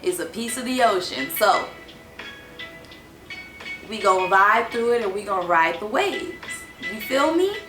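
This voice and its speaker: A woman hosting a casual spiritual reading, talking in an animated, slangy way and laughing often. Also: mid-range voice, measured pace, pauses often, roomy sound, over music, rough recording.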